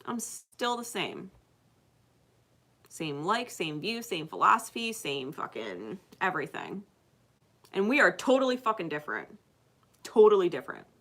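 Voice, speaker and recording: A woman's voice: fairly low pitch, sing-song, unhurried, long pauses, fairly bright tone. A woman giving a casual spiritual reading to her viewers, emphatic, swearing constantly and laughing often. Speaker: spiritual card reader. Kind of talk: casual unscripted monologue to viewers.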